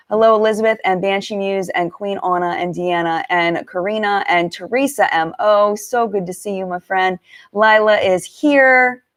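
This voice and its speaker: A woman hosting a casual live-stream chat, greeting viewers one by one and talking about makeup products. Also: medium pitch. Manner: chatty, warm greetings to viewers, many fillers. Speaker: beauty channel host.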